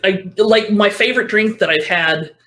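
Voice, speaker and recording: A woman's voice: mid-range voice, moderate pace, a bit bright. A woman chatting as a podcast guest, rambling along and correcting herself as she talks. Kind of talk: casual chat.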